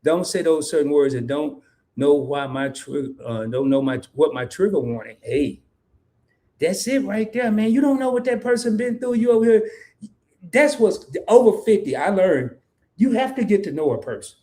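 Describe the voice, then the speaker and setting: A man with a high, warm voice hosts a casual live talk stream. He reads viewer comments aloud, laughs often, and repeats lines for emphasis.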